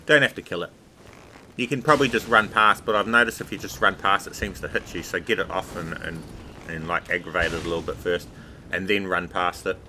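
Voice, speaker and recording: Low-voiced man giving casual game commentary. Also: a little fast, slight background noise, poor audio. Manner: relaxed, chatty, repeats filler words like "obviously". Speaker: game walkthrough narrator.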